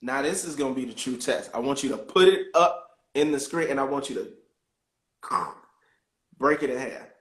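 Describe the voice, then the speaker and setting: A man's voice: medium pitch, normal speed. A man hosting an interview over a video call, easygoing and curious as he asks questions. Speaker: host. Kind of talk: casual interview chat. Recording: roomy echo.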